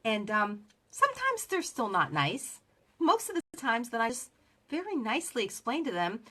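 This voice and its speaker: A woman's voice: on the high side, wildly swooping pitch, normal speed, bright, forceful tone. A woman giving chatty sales advice who acts out both sides of the conversations she describes. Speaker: direct sales coach. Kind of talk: casual motivational talk.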